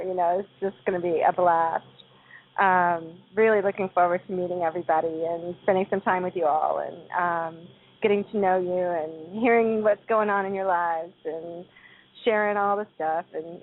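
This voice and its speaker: A woman from Southern Illinois with a twang, co-hosting an internet radio chat from outdoors at night and laughing often. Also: fairly low pitch. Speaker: co-host. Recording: tinny phone line, faint noise.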